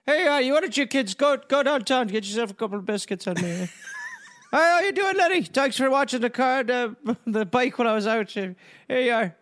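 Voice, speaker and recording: A man's voice: very high-pitched, expressive, brisk, a bit bright. A man doing a brash, swaggering counterfeiter. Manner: brash, generous show-off, tough-guy talk. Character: boastful flashy male counterfeiter, swaggering.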